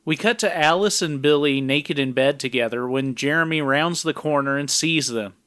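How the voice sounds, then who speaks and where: A man's voice: on the high side, moderate pace, a bit bright, clean tone, no echo. Casual man recapping a film plot. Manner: plain, conversational plot summary with dry asides. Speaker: podcast co-host recapping a film.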